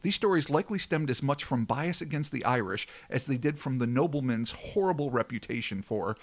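A man's voice: mid-range voice, lively intonation, a little fast. A man hosting a podcast, reading a scripted history segment with dramatic flair between crude joking banter. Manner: dramatic narration with swearing banter.

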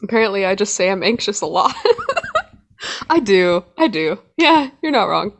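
Lively, giggly woman podcast host. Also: medium pitch, moderate pace, gravelly. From Louisville, Kentucky, USA. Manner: giggly, self-deprecating. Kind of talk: casual podcast banter.

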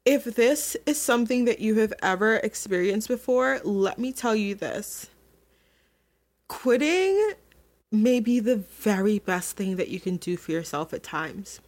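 A woman's voice: medium pitch, a little slow. Young adult woman, podcast host, candid personal storytelling, emotional, talks with many restarts.

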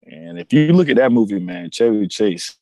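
A man co-hosting a casual podcast chat, an animated storyteller who laughs often and acts out movie lines. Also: fairly low pitch, moderate pace, dry recording. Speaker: podcast co-host.

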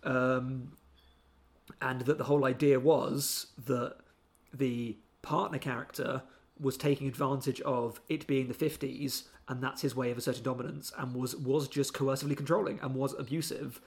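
A man co-hosting a casual film review podcast, animated and mocking, sometimes breaking into impressions. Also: medium pitch, normal speed, gravelly. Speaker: podcast co-host.

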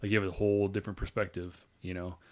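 A man's voice: deep voice, little pitch movement, fast. Intense, opinionated man on a podcast. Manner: intense, opinionated, swears freely. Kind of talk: casual podcast chat.

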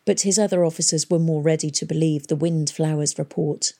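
Woman narrator, lowish mellow voice, even audiobook delivery. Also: fairly quick, hardly any pauses. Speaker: audiobook reader. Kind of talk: scripted narration.

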